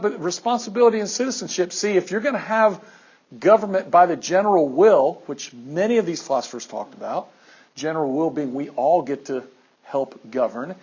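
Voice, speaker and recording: A man teacher giving an animated classroom lecture, firing questions at his students. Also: a little high, husky, muffled recording.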